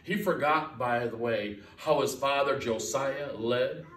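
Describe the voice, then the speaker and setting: Heard from a distance in an echoey church sanctuary, a man preaches as guest pastor in a medium-pitched, slightly bright voice, taking it slowly. He's emphatic and folksy, driving points home by repeating his key lines.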